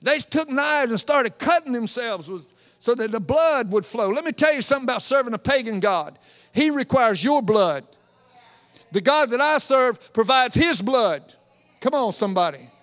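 High-voiced preacher in an echoing hall. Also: male voice, normal speed. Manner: lively, joking storyteller acting out scenes. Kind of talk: sermon. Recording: long hall reverb.

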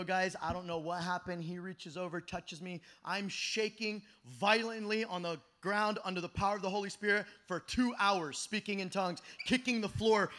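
A young man preaching a fervent youth camp sermon, shouting at peaks and dropping to hushed asides. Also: sits high. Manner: impassioned, often shouting, swings between loud and hushed.

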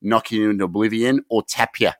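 A man's voice: fairly low pitch, fairly quick, no echo, clean studio sound. An Australian man co-hosting a podcast, ranting in a rowdy, sweary way. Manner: rowdy, sweary, excitable rants. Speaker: podcast co-host. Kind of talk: hyped casual chat.

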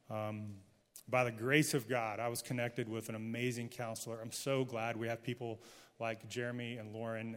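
Before a live congregation in a large church hall, a middle-aged man with a mid-range voice delivers his sermon. This pastor keeps things frank and conversational, trading jokes with the audience.

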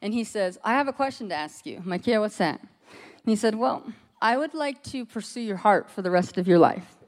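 Animated woman telling a personal story. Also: medium pitch, a little fast. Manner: lively storyteller acting out quoted voices, laughs often. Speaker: speaker telling her story to a group.

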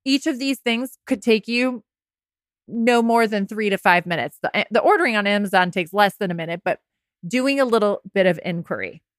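This podcast host talks listeners through heartbreak with casual candor, dropping the odd swear word and poking fun at herself with laughter. She speaks at a moderate pace with an expressive, medium-pitched voice, captured dry and at studio quality.

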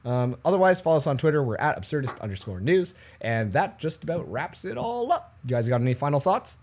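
A man's voice: fairly high pitch, very animated, fairly quick, darkish tone. A man hosting a casual comedy podcast, joking and laughing with sarcastic asides. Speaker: podcast host.

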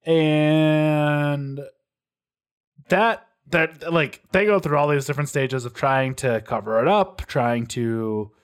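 A man in casual conversation, calmly summarizing a plot in a measured, explanatory way. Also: on the high side, clean tone.

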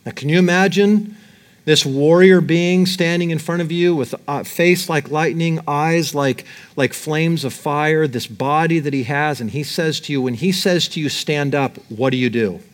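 A middle-aged man preaching with an animated delivery, his voice sitting a little higher than most men's. He reads scripture aloud and dramatizes it. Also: normal speed. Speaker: pastor. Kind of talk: sermon.

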